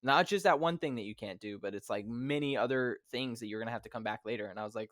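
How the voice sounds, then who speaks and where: A man's voice: mid-range voice, fast talker, hardly any pauses, dry recording, studio quality. A man hosting a podcast in casual chat, rambling and acting out his own reactions. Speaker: podcast host.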